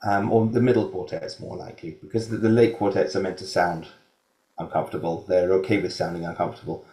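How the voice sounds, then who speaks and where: A string quartet performer answering a question in a panel discussion, measured and hesitant. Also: male voice, low voice, fairly even intonation, dark tone. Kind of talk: academic discussion. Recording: echoey room.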